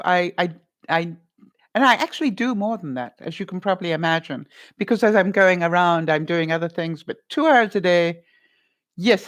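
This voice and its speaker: Chatty woman vlogger reading live chat. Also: mid-range voice. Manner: chatty, calls viewers honey and speaks to them by name; rambling, with restarts and asides. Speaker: vlogger answering live viewers. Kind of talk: live-stream advice chat.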